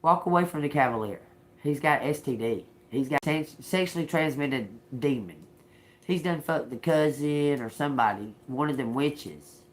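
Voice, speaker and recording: A woman's voice: deep voice, normal speed. Blunt, profane woman reading tarot. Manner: blunt, profane and laughing, with folksy slang. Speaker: tarot reader. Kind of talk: live-streamed tarot reading.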